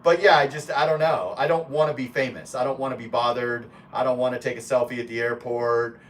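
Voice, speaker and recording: A man's voice: medium pitch, steady tone, a little fast, distant mic, a little hiss or hum. A man live streaming in a casual way, reading chat comments aloud and talking bluntly with plenty of swearing and rambling asides.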